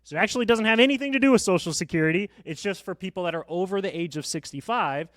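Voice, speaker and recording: A man's voice: high voice, racing, a bit bright, dry recording. A man who works as a financial planner, confidently explaining tax deductions on a podcast. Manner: confident, explanatory, uses round numbers. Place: podcast studio.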